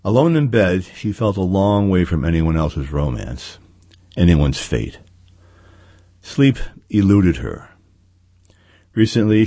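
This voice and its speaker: A man reading a story aloud at a measured, steady pace, saying "quote" and "end quote" around each line of dialogue. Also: sits low, dry recording. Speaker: narrator. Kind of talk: audiobook reading.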